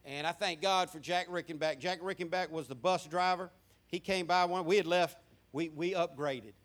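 A man's voice: a little high, normal speed, fairly bright tone. A man in his fifties with a Southern American accent, preaching a sermon in a folksy, humorous storytelling manner.

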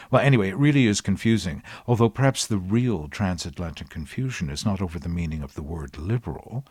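Dry, wry older man, low husky voice. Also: expressive, a little fast, few pauses, darkish tone, no room sound. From United States. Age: 60s. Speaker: podcast host. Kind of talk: scripted commentary.

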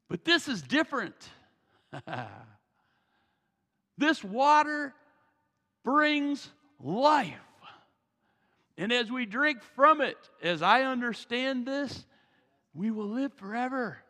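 A pastor preaching a sermon in a church, animated and folksy, with joking asides, on a worn mic. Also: male voice, very high-pitched, slow, pauses often. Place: church sanctuary. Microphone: wearing a mic. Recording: reverberant church hall.

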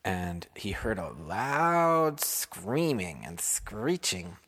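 A man improvising a bedtime story for his children, unhurried and asking them questions along the way. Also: lowish voice, very animated, a bit bright.

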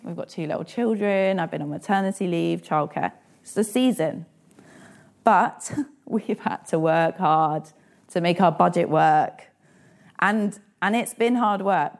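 A woman's voice: fairly low pitch, creaky, a little mellow. A woman in her thirties preaching a sermon in an earnest, personal way and asking the listeners direct questions.

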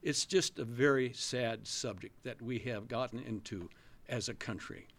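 A man's voice: medium pitch, measured pace. A man answering a debate question in an earnest, grave way, dwelling on how sad the subject is. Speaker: debate candidate.

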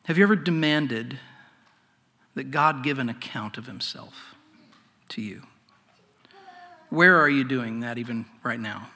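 A man preaching a sermon in an earnest way, often dropping to a hushed voice. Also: mid-range voice, measured pace, long pauses. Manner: earnest, swings from loud to hushed. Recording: long hall reverb.

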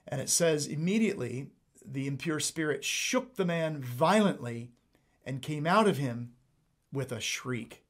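A man preaching a sermon, emphatic and animated, repeating points for emphasis. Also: fairly high pitch, unhurried. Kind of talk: sermon teaching.

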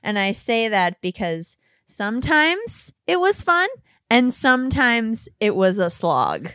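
A woman's voice: fairly high pitch, slow pace, smooth, no room sound, studio quality. A woman co-hosting a comedy podcast, ranting playfully in casual chat. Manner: animated, playful rants. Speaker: podcast co-host.

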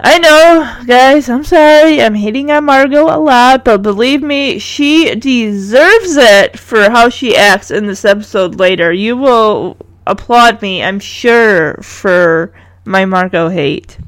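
A woman's voice: on the high side, takes it slowly, dry recording. A woman casually retelling a cartoon episode with chatty, teasing asides.

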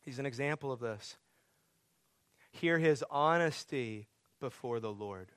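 A man's voice: mid-range voice, a little slow, fairly bright tone, clean tone, no room sound. A man preaching a sermon as pastor, earnest, building to pleading, emphatic questions.

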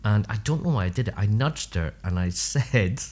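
Speaking at normal speed in a lowish voice, a speech and language therapist joins a podcast as a guest for a casual storytelling interview. His personal anecdotes are warm and humorous, with lively asides mixed in.

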